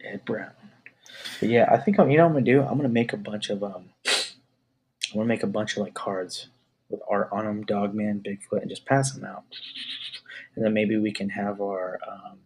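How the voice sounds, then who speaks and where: A podcast co-host with a lowish voice tells rambling stories in casual chat, sounding animated. He speaks at a moderate pace, with slight background noise behind him.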